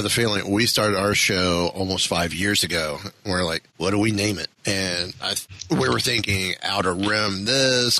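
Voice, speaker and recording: A man's voice: sits low, pushed and bright, no echo, poor audio. A man hosting a casual podcast, rambling and self-deprecating, losing his train of thought. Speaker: podcast host. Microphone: studio podcast mic.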